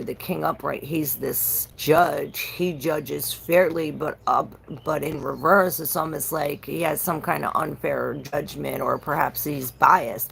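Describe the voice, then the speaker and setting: Low gravelly woman reading tarot. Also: slight background noise, rough recording. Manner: rambling, repeats phrases, swears casually. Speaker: tarot reader livestreaming. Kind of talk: casual livestream tarot reading.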